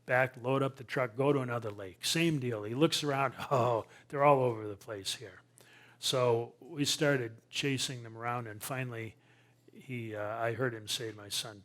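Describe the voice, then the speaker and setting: An older man tells a comic story to a live audience. He talks in an animated, self-deprecating way and makes sound effects as he goes. His voice sits at a medium pitch. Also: normal speed. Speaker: naturalist guest speaker.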